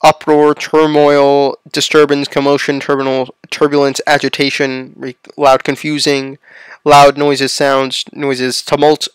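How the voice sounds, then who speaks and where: A man's voice: medium pitch, completely flat delivery, unhurried, clear, resonant tone, no room sound. A man reading a religious text aloud and explaining it in plain asides, checking in with the listener as he goes. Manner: reads passages aloud, then adds plain explanatory asides; checks in with the listener using "right?" and "okay?". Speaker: religious lecturer.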